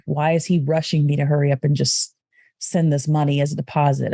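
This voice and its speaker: Woman guest, mellow voice, animated storyteller who acts out voices, dry sound. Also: deep voice, fairly quick, vocal fry, no echo. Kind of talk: casual storytelling conversation.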